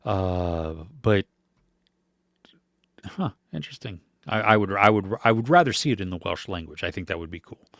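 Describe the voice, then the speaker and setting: On a casual podcast, an American man with a voice on the low side talks loosely about movies and shares viewer comments. He's relaxed and rambling, full of fillers and small laughs, recorded in studio quality with no room sound.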